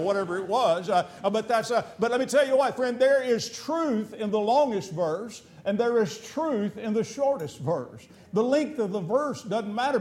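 An older man preaching a sermon, fervent and repetitive, swinging between emphatic peaks and quiet storytelling. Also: high voice.

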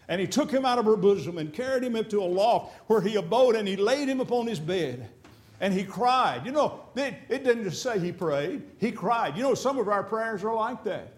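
A middle-aged pastor preaching in a high voice. He talks in a folksy way, repeating his words and stretching key lines slowly. He reads scripture in old-fashioned English. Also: expressive. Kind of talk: sermon.

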